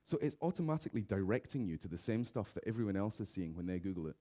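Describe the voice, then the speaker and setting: A man giving a comic conference keynote, lively, slipping into raised voices to mimic office characters. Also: lowish voice, fast talker. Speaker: conference speaker. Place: conference stage.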